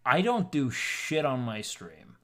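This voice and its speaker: A man's voice: mid-range voice, huge pitch swings, takes it slowly, a bit bright. A young man streamer chatting casually on his live stream, rambling and swearing freely as he tells a story.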